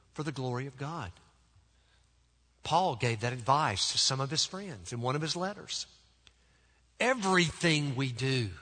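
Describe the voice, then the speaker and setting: A man preaching a sermon as pastor. He speaks emphatically, with deliberate pauses, and often drops to soft, low tones. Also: husky. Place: church sanctuary. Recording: long church reverb.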